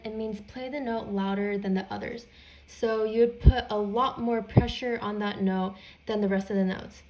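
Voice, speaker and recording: A woman with a slightly high voice teaching beginner music theory. She explains each idea patiently and plainly, step by step, as if guiding students one sign at a time. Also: a little mellow.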